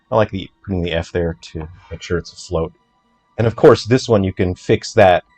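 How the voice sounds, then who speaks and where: A man, an indie game developer, talking through his code in a casual walkthrough, chatty and joking with quick asides. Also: lowish voice, a little mellow. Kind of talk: casual livestream coding walkthrough.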